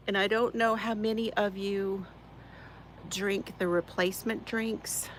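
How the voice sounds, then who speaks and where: A woman's voice: medium pitch, fairly even intonation, unhurried, a little hiss or hum, poor audio. A woman, hosting a casual crafting live stream from her chair at home, greeting viewers by name and laughing often. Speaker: crafting channel host.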